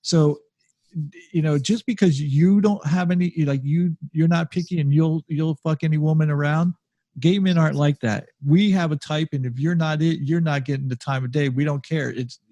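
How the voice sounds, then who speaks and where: A man's voice: fairly high pitch, fairly even intonation, normal speed, mellow, dry recording, highs cut off. Blunt, opinionated man on a podcast. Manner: blunt, opinionated, laughs along. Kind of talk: casual chat.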